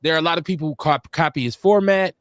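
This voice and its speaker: A man hosting a casual live-stream talk show, animated and mimicking other voices as he tells stories. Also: on the high side, fast, no room sound. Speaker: podcast host.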